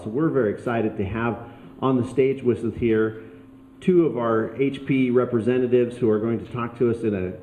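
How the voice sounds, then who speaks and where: A man's voice: medium pitch, dark tone, echoey room, a little hiss or hum, low-quality recording. A man welcoming a conference audience and introducing speakers, upbeat with fillers. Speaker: event host. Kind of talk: welcome speech. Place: conference stage.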